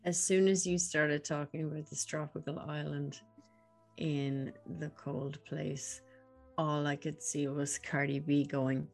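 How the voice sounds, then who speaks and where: A woman's voice: deep voice, little pitch movement, takes it slowly, gravelly, darkish tone, soft background music. A woman player chatting and joking casually during a tabletop game.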